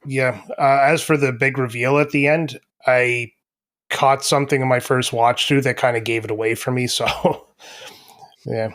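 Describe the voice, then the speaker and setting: A man with a mid-range voice chats as a podcast guest, laid-back and quick to joke. He talks with plenty of ums and uhs. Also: medium pitch, fairly even intonation, a bit bright. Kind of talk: casual chat.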